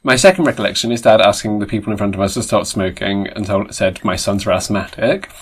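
A man's voice: lowish voice, quick pace, slightly rough. English guy, dry self-mocking humour, laughs a lot, casual chat. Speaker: podcast co-host.

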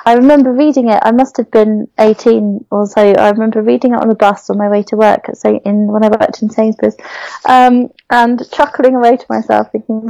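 A young Englishwoman talks casually about a novel, frank and critical in her opinions. Her voice is mellow and warm. The sound is close and dry. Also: a little high, level tone, a little fast, creaky, no room sound, poor audio. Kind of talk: casual book discussion.

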